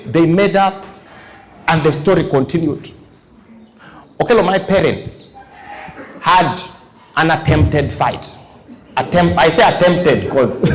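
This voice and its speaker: A man doing stand-up comedy in front of a live audience, telling animated stories and acting out his characters. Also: high-pitched. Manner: animated storytelling, acts out characters. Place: large live venue. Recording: echoey hall, loud crowd laughter.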